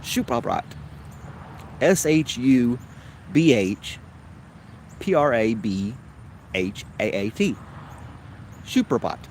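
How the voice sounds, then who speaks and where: A man's voice: medium pitch, animated, takes it slowly, long pauses, a little mellow, slight background noise. A man with a Tennessee accent hosting a casual livestream chat, rambling along in an easygoing way. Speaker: host.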